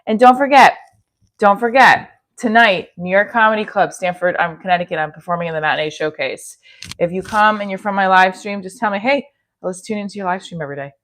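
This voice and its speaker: A woman's voice: on the low side, fast, a bit bright. A woman in her forties with a New Jersey accent, chatting casually on a livestream from her kitchen and answering comments aloud. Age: 40s. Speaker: comedian livestreaming. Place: home kitchen.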